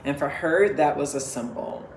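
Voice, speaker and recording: A middle-aged woman co-hosting a family podcast, explaining things at length in a measured, emphatic way. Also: extremely low pitch, creaky, darkish tone. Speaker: podcast co-host, parent. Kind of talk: casual family podcast chat. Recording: echoey room, faint background hiss.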